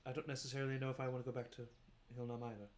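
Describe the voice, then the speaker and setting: A calm, understanding young brother, played by a man speaks in an agreeable, level way. His voice sits mid-low, with a steady, even delivery. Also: racing, lightly acted.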